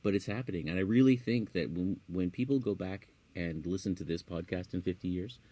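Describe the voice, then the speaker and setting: Very deep-voiced man chatting casually. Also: fairly quick, mellow. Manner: chatty, laughs easily. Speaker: podcast co-host. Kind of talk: casual chat.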